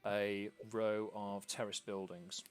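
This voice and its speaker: Man running a tabletop game, low voice, faint music underneath. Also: takes it slowly. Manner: relaxed, rambling with ums and uhs. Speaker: game master.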